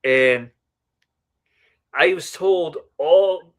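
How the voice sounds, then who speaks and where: A man's voice: on the high side, drawn-out words. A man, a podcast guest, telling a personal story in a casual, rambling way, often checking in with a "right?". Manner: often ends remarks with a questioning "right?"; chatty, rambling with asides.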